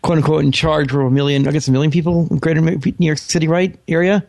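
A man's voice: on the high side, little pitch movement, creaky, darkish tone, no room sound. A man co-hosting a casual radio show, rambling through his points with many fillers. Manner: rambling, fast, lots of fillers. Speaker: radio co-host. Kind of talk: casual talk radio banter.

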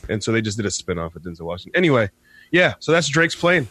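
A young man co-hosting a radio show, teasing and animated in profane casual banter. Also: lowish voice, fast talker, breathy edge, no room sound. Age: young adult. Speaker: radio co-host.

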